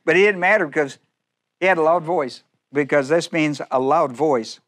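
A man's voice: a little high, moderate pace, a bit bright. A man pastor preaching a sermon, acting out biblical speakers in first person with humor and frequent laughter.

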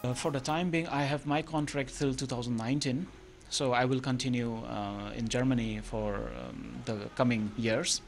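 A man's voice: mid-range voice, steady tone, normal speed, vocal fry, hardly any pauses. A man in his thirties from Manipur, speaking Indian English in an interview, hesitant and often restarting his sentences. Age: 30s. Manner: hesitant, many fillers and restarts. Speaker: interviewed scientist. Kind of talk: interview answers.

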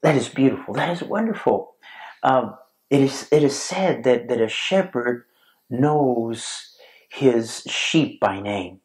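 A male pastor giving a sermon in a deliberate, halting way with many fillers, stressing key words and quoting scripture. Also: mid-range voice, lively intonation. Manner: slow and deliberate, with frequent fillers and repeated words; stresses key words, reads Bible verses aloud.

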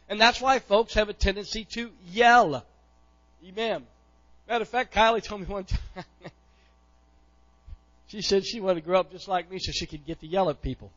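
A middle-aged male pastor preaching a sermon, impassioned, often pushing to near-shouts and repeating words as he goes. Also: high voice, moderate pace, pauses often, highs cut off.

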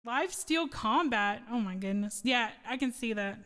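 A woman's voice: fairly high pitch, lively intonation, a little slow, fairly bright tone, big-room sound. A woman streamer chatting casually with viewers between song requests, rambling and laughing often. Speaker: streamer and singer.

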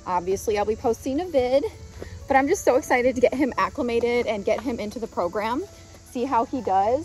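A woman chatting casually as she vlogs from a horse paddock outdoors, cooing affectionately at her horses between remarks. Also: a little high. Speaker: horse farm owner and vlogger. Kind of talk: casual vlog narration.

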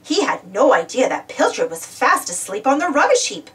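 A woman reads a children's storybook aloud with a high, very animated voice. She sounds a little distant, as if set back from the microphone. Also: normal speed, a little hiss or hum. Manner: expressive, animated.

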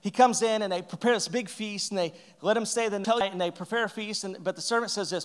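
A male pastor preaching a sermon, telling a story with lively acted-out quotes and joking asides. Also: high-pitched, fast, few pauses. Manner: animated storytelling, acting out characters' lines.

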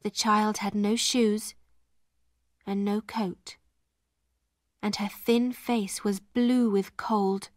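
Storybook narrator: a woman, slow and deliberate, dry close sound. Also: mid-range voice, flat delivery, dry recording. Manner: clear and deliberate.

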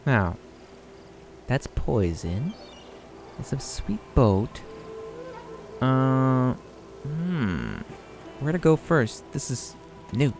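A young man narrating his own gameplay in a chatty, amused way, reading out the choices he picks. He speaks slowly with a gravelly, creaky voice that jumps around in pitch. Faint game music hums underneath. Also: sing-song, a little mellow. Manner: chatty, reads dialogue options aloud, laughs often. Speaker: let's play host. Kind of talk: casual gameplay commentary.

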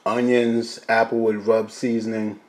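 A man hosting a casual cooking video, chatting to his viewers as "guys", quiet and mumbling while he cooks and louder when he turns to the camera. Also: lowish voice, flat delivery, unhurried. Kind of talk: casual cooking vlog chat.

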